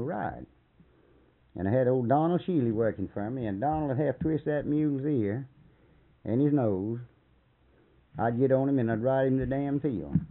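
An older man telling a long, rambling story in a folksy, profane way, chuckling as he goes. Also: medium pitch. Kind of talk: rambling oral-history storytelling. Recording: tinny phone-like lo-fi recording.

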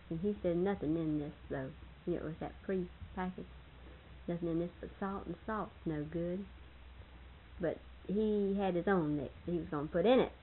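An older woman with a husky voice, reminiscing casually about family and laughing often as she tells stories. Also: medium pitch, narrow, tinny audio. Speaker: storyteller in family history interview.

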